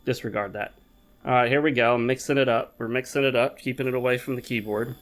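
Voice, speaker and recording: A man's voice: medium pitch, steady tone, quick pace, a bit bright. A man hosting his own gaming channel, talking to viewers in a rambling, chatty way while he plays at his home desk. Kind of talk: casual gameplay commentary.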